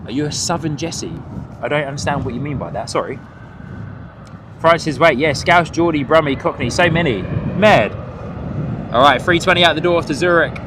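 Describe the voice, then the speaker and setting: Standing near an airport on a cold, windy morning, a man hosts a live plane-spotting stream, chatting with viewers and laughing often. His voice is fairly high and moves at a moderate pace, with wind and outdoor ambience behind him.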